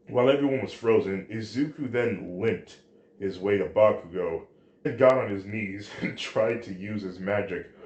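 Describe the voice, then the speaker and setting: A man reading a fan story aloud, halting now and then with restarts. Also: fairly low pitch, darkish tone. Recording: roomy echo.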